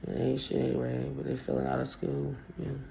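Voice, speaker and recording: A woman's voice: very deep voice, completely flat delivery, fast talker, vocal fry, dark tone, a little hiss or hum. A woman telling a story in a casual, blunt and profane rant that rambles along. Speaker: vlogger.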